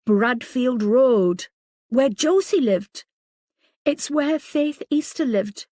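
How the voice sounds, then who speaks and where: A woman reading the lines of a sharp, anxious female team leader in an audiobook. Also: high voice, lively intonation, takes it slowly, no room sound, studio quality, pitched above the performer's own voice, heavily acted. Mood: alarmed. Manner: impatient, emotional.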